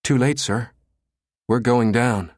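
A man reading the part of a huge, gruff male systems chief who snaps and growls sarcastically. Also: medium pitch, slow pace, no echo, studio quality, lightly acted. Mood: gruff exasperated.

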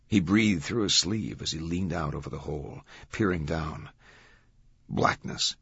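Deep, husky man reading an audiobook. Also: a bit bright, no room sound. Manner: measured, dramatic reading. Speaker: narrator. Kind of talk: audiobook narration. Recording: dull, dry studio sound.

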